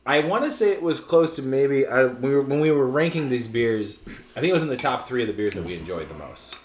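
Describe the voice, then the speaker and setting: A man's voice: medium pitch, lively intonation, a little fast. A man co-hosting a casual podcast chat, rambling and laughing at himself. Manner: rambling, laughing, self-mocking. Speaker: podcast co-host. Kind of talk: casual chat over beers. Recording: echoey room with faint noise.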